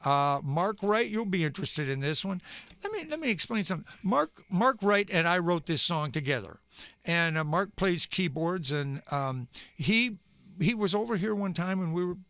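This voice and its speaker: A man's voice: high-pitched, expressive, moderate pace, sharp tone, no echo. A singer-songwriter man chatting on a live stream between songs, rambling and searching for words with plenty of fillers.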